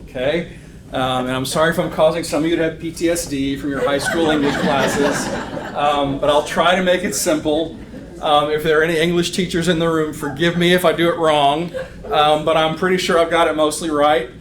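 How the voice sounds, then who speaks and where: A man's voice: on the high side, little pitch movement, a little fast. A man teaching a church Bible lesson to a live class. He speaks conversationally, says "um" often and keeps checking in with "okay?". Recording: roomy echo, faint room noise.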